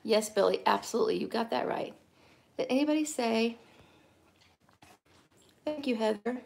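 A woman's voice: fairly high pitch, moderate pace, gravelly, darkish tone. A middle-aged woman, chatting casually and rambling to live-stream viewers while teaching painting.

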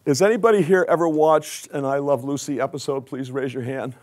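Older male conference speaker, relaxed chatty lecture style, middle pitch. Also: a little fast. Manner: conversational, asks audience questions. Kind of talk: lecture with slides.

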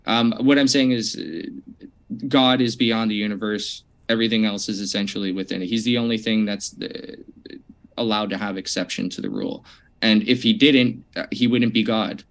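Relaxed man defending his view. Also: lowish voice. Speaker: debater. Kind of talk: casual debate reply.

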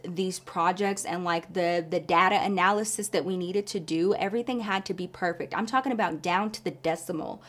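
A woman's voice: medium pitch, fairly bright tone. Chatty woman telling a story. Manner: chatty, fillers of "like", addresses viewers as y'all. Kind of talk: casual storytime monologue.

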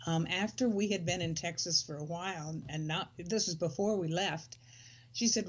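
Older woman co-host, reflective and easygoing, lowish voice, dull muffled sound. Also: normal speed, breathy edge. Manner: reflective, with soft laughs. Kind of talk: casual conversation.

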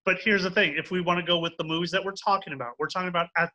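A man's voice: high voice, steady tone, very fast, bright, forceful tone, muffled recording. Ranting young man in a heated debate. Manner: ranting, swears, mocks with acted quotes. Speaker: debater defending a film.

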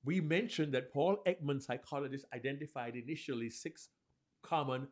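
A man's voice: mid-range voice, normal speed. A man co-hosting a live podcast on public speaking, explaining techniques and acting out examples. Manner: animated, acts out examples. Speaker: podcast co-host, speaking coach.

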